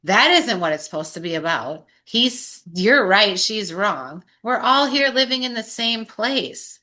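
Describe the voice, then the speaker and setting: Bright-voiced woman in impassioned sober chat. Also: mid-range voice, lively intonation, unhurried. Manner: impassioned, rambling, swears, laughs often. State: strained voice. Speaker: sober group member. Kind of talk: casual recovery chat.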